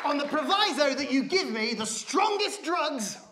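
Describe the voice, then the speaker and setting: Animated man doing stand-up in a theatre. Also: very high-pitched, normal speed, a loud crowd, very noisy. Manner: animated storytelling, bursts into shouted rants. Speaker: stand-up comedian. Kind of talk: stand-up comedy set. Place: large theatre stage. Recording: live theatre, audience laughter. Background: audience laughing.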